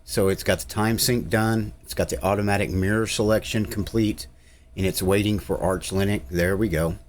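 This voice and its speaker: Laid-back low-voiced man. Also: fairly even intonation, moderate pace, a little hiss or hum. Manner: easygoing, rambling, with filler uhs. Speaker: tech channel host. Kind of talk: casual screen-recorded tutorial narration.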